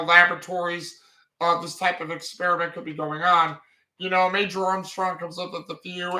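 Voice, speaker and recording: A man's voice: high-pitched, sharp tone. Brief: man casually recapping a show, filler-heavy and loose, in an echoey room. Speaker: anime recap host.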